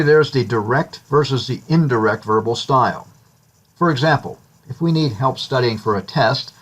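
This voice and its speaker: Man, husky voice, mid pitch, recorded lecture, conversational, lightly humorous. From United States. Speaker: instructor.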